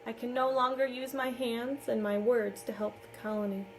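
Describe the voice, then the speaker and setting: A wounded sea captain, grave and commanding, measured in every word, read aloud by a woman. The voice sits a touch high for a man, as a female reader carries him without deepening much. It is a plain storybook reading in a quiet room with only a faint hush behind it. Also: steady tone, slight background noise, lightly acted, poor audio. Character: wounded middle-aged male captain, commanding.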